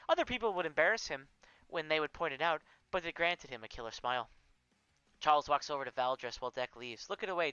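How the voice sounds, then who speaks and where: A man's voice: a little high, bright, forceful tone, clear, resonant tone, no echo, lo-fi sound. A man reading his story aloud on a live stream, with small slips and corrections.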